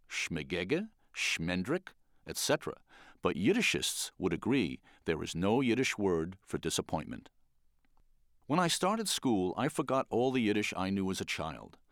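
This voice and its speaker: An older man from the Bronx, a children's book illustrator, giving an animated, wry storytelling talk. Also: lowish voice, no room sound, studio quality. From the Bronx, New York.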